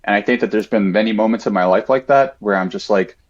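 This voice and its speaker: Low-voiced man telling a story, dull lo-fi sound. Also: fast. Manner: reflective, frequent "like" fillers. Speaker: podcast guest. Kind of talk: casual storytelling.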